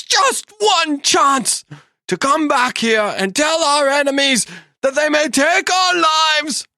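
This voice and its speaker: A woman doing a put-on Scottish accent as a warrior man rallying his troops with a shouted, drawn-out battle speech. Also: a little high, no echo, clean studio sound, pitched above the performer's own voice, full character voice. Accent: attempted Scottish.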